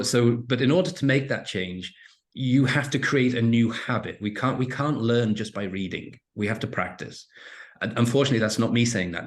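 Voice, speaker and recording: A middle-aged man from England, a guest on a podcast interview, telling animated stories with many restarts. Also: lowish voice. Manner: animated storytelling with frequent restarts. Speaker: interview guest, entrepreneur and author.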